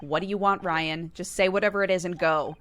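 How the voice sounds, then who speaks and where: A woman's voice: lowish voice, fairly even intonation, fairly quick, a bit bright, soft background music, natural voice. A woman voicing a bitter, defiant young woman detective in a video game, cutting and sarcastic.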